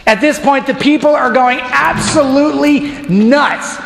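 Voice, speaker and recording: A man preaching a storytelling sermon as a deacon, animated and acting out crowd voices. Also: very high voice, unhurried, creaky, roomy sound, in a large hall, a little hiss or hum. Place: church.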